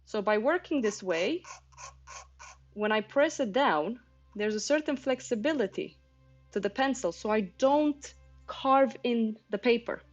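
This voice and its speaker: A woman's voice: a little high, animated, unhurried. A woman in her thirties teaching drawing on a casual livestream, chatty and explanatory, talking to viewers in the chat. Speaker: art teacher streaming a painting session. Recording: slightly muffled stream with faint music.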